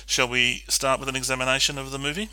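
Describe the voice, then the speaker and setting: A man co-hosting a film podcast, recapping scenes in a steady, methodical way with frequent ums. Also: medium pitch, fast talker, clear, resonant tone, dry recording. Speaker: podcast co-host. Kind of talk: casual film discussion and plot recap.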